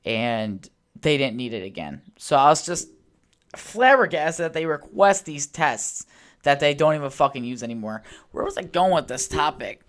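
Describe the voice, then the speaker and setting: A man talks alone on his own podcast, drifting from one thought to the next. He swears freely and quickly gets fired up and exasperated. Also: on the high side, very animated, a bit bright. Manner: rambling, profane, easily worked up. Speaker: podcast host. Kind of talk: casual solo podcast rambling.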